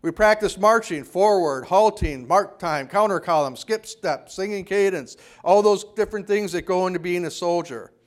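A man preaching a sermon, telling a story from his own time in the army and lowering his voice to quote a drill sergeant. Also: moderate pace, few pauses. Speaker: pastor.

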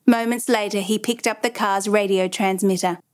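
A woman giving measured, dramatic scripted narration of a true crime story. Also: mid-range voice, steady tone, darkish tone.

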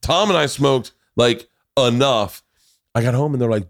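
Animated man telling wild stories. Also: medium pitch, a little slow. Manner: animated anecdotes, acts out others' lines, swears freely. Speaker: podcast host. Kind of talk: casual storytelling chat.

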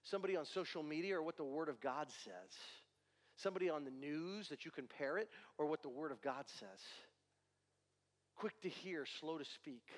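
Male pastor, high-pitched, preaching emphatically in a reverberant church hall. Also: lively intonation, moderate pace. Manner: emphatic preaching with repeated rhetorical questions. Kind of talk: sermon.

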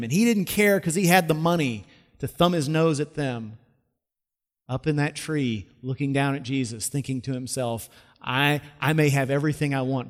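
A pastor preaching a sermon, telling stories and dropping from loud emphasis to hushed, slow lines. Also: male voice, medium pitch. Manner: storytelling preacher with wide swings between loud and hushed. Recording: long reverb of a large hall.

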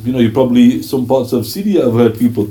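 A man's voice: medium pitch, expressive, fast, warm tone. A man giving an Islamic history lecture, reading narrations and asking rhetorical questions, often acting out the quoted speakers with dramatic emphasis. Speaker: Islamic teacher. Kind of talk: religious lecture.

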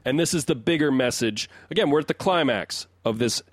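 A man's voice: medium pitch, animated, brisk, no room sound, clean studio sound. A man co-hosting a music podcast, rambling through his analysis in casual chat, often restarting sentences as he builds his point. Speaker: podcast co-host and resident song analyst.

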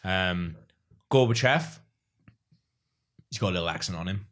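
Welsh male podcast co-host, lowish register, loose and rambling delivery. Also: animated, a little slow, a bit bright. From Wales. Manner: chatty, rambling with fillers and asides. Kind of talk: casual chat.

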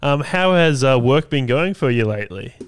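A man's voice: medium pitch, lively intonation, moderate pace, smooth, no room sound. A man co-hosting a podcast breakfast show in casual chat, bantering and laughing easily. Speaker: podcast co-host.

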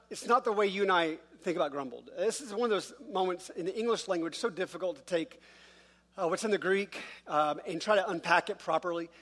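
A man's voice: high-pitched, a bit bright. A man, a pastor, preaching a conversational sermon, acting out quoted voices and asking rhetorical questions.

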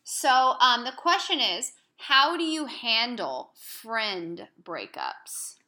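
Young woman podcast host, upbeat, really bright sharp voice, slightly high. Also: lively intonation, slow pace. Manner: upbeat, warm affirming listener. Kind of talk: casual podcast chat.

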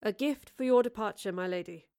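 A gallant Elizabethan gentleman speaks with formal, courtly measure, as a woman narrator plays him. His lines stay low and composed, polite in every phrase. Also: brisk, clear, resonant tone, dry recording, studio quality, natural voice. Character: courtly Elizabethan male playwright Will, gallant.

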